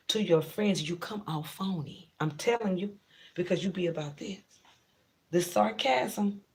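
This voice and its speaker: With vocal fry in a mid-range voice, a tarot reader speaks plainly and in slang during a casual reading for viewers. Bluntly repeating points, the reader drives them home.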